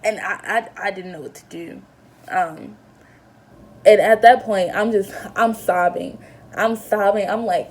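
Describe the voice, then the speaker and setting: A woman's voice: mid-range voice, mellow, a little hiss or hum. A young woman vlogger telling a personal story in an earnest, emotional way, with lots of fillers and restarts. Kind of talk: casual storytelling to camera.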